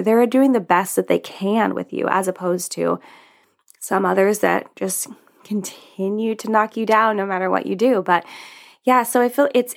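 A woman vlogger with a medium-pitched, gravelly voice offers earnest, casual advice to camera, her talk peppered with "um" and "you know."

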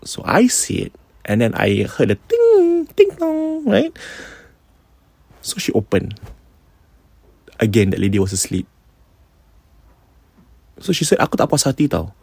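A man with a Singaporean accent retelling ghost stories casually as a podcast host, animated and mixing in Malay phrases. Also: fairly low pitch, a little slow, vocal fry, long pauses, slightly rough, no echo.

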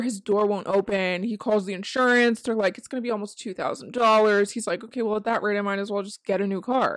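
A woman's voice: medium pitch, no echo. A young woman hosting a podcast from her bedroom, talking in a frank, chatty way, swearing casually and laughing often, and sounding tired. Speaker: podcast host. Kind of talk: casual chat. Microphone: handheld mic.

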